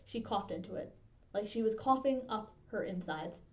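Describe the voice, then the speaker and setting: A woman librarian reading a children's novel aloud with steady, expressive narration. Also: mid-range voice, normal speed. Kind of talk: storybook read-aloud. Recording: dull lo-fi sound.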